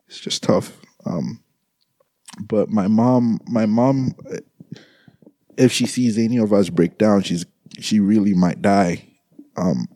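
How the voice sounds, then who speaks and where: A young man talks to his listeners in a slow, halting way, stumbling over and repeating words. His voice sits very low and mellow. The sound is dry, with no room around it. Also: dry recording. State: grieving, subdued. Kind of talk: grieving personal monologue.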